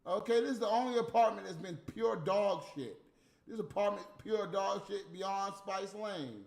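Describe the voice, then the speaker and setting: A man delivering a heated, profane, scolding rant on a livestream, with loud bursts. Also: high-pitched, normal speed, creaky. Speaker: livestream host. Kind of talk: unscripted ranting monologue. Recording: echoey room with faint music.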